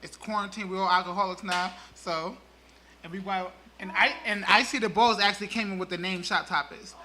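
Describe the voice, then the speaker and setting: An animated, chatty man, telling how he started his show. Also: sits high, brisk. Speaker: show creator. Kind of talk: casual storytelling.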